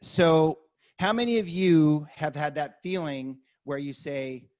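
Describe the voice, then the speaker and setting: A man coaching a workshop, energetic and acting out client conversations as examples. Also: fairly high pitch, slow pace. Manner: energetic, acts out dialogue examples.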